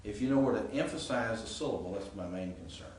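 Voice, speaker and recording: Lecturing on grammar, a Greek professor keeps it informal and explanatory and regularly checks on his students. He sounds animated and quick, with a lowish, darkish voice, distant from the mic in an echoey, faintly hissy classroom.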